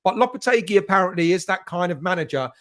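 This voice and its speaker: A man's voice: high voice, lively intonation, fast, fairly bright tone. A man from England hosting a casual live stream for football fans, rambling and greeting chat viewers by name. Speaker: fan channel host reading live chat.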